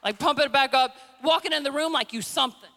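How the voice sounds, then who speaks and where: A woman's voice: high voice, fast talker, bright, forceful tone. A middle-aged woman preacher giving a sermon in a humorous, conversational way, full of playful impressions. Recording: long reverb in a large hall.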